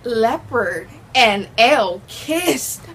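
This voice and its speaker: Teen girl vlogger, dramatic storyteller, slightly high voice, faint hiss behind. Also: drawn-out words, low-quality recording. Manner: animated, dramatic retelling with quoted voices. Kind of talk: casual storytime vlog.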